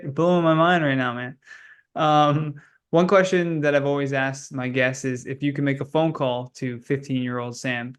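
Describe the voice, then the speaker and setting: Laughing, agreeable podcast host. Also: male voice, mid-range voice, clean tone. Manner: laughs often, agreeable, repeats "yeah". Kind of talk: casual podcast chat.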